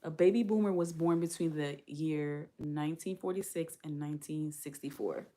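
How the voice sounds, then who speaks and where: A woman's voice: deep voice, normal speed, mellow. A woman who is a parent, hosting a live stream and chatting candidly with viewers in a casual way. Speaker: livestream host.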